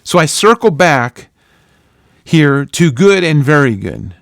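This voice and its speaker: A man giving a measured, earnest Bible lesson in a scripted, explanatory way. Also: a little high, very animated, no echo, clean studio sound. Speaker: Bible teacher.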